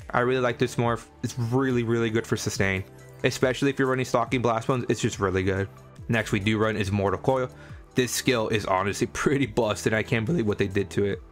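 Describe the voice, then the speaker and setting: A man's voice: fairly low pitch, a bit bright. A man giving a casual, enthusiastic voice-over for a game build guide, chatty and chuckling often. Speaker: gaming content creator.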